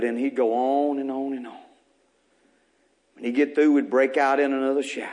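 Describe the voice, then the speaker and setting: A man's voice: medium pitch, little pitch movement, moderate pace, darkish tone. A male pastor, preaching a folksy, fervent sermon full of repetition in a church. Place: church sanctuary.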